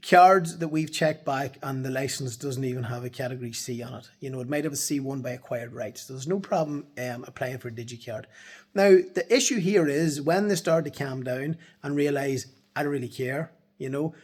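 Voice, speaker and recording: A man talks straight to camera from his office. His voice sits a little high for a man, and he is blunt and emphatic, dropping swear words as he goes. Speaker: transport compliance consultant. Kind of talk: casual straight-to-camera talk. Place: office, in the evening.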